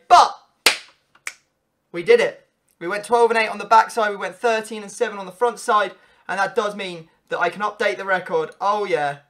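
A young man commentating his own football video game matches, excitable and swinging from frustrated groans to loud cheering. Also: high voice, moderate pace. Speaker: gaming YouTuber. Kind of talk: live gameplay commentary.

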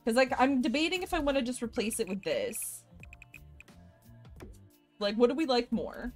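A woman live streamer chatting casually with her viewers, chatty and expressive, laughing often. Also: fairly high pitch, normal speed, faint music behind.

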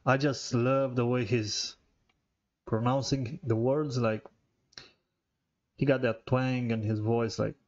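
Man, reaction host, casual rambling chat, mid-pitched voice, muffled lo-fi recording, tobacco in his mouth. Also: steady tone, slow, long pauses. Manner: loose and rambling, leans on "like" and swears freely.

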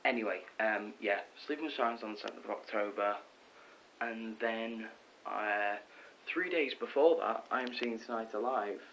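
A teenage boy vlogging from his bedroom, rambling excitedly with lots of ums and self-corrections. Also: lowish voice, normal speed. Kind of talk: casual rambling vlog. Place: bedroom at home. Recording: dull lo-fi with faint hiss.

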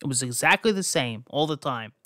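A man's voice: medium pitch, animated, a little fast, sharp tone, dry recording, studio quality. A young man from New Jersey hosting a podcast, telling personal stories in a rambling, profane way, full of restarts. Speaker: podcast host. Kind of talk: casual personal storytelling.

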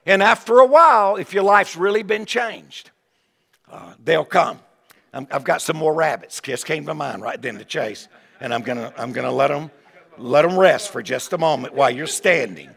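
A man preaching a revival sermon in a folksy, animated way, with asides and repeated words. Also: fairly high pitch, moderate pace, creaky, husky. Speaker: evangelist preacher. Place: large church sanctuary. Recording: long hall reverb.

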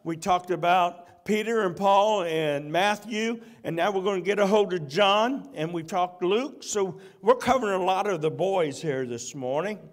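A man preaching a sermon in a church in a folksy, conversational way. He moves between loud, emphatic bursts and soft, slow stretches. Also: high-pitched. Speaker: pastor. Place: church sanctuary.

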